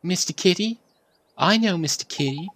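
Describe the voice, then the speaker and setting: Eerie little ghost girl, soft and hushed, pitched up high, as a man reads her lines. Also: lively intonation, normal speed, slight background noise. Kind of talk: reading game dialogue aloud.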